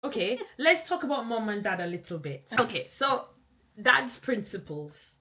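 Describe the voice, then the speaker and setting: A young Jamaican woman hosts a relaxed conversation with a clear, bright tone. She talks in an easy storytelling way and laughs often. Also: fairly high pitch, moderate pace. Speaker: podcast host. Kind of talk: casual chat.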